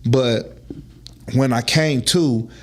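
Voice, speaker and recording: Man, relaxed storytelling, acts out quotes. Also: medium pitch, very slow. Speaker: guest. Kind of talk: casual storytelling interview.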